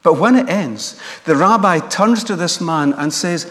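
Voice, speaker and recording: A man preaching a sermon in a church, earnest and measured. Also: a little high, lively intonation, fairly bright tone. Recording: long church reverb.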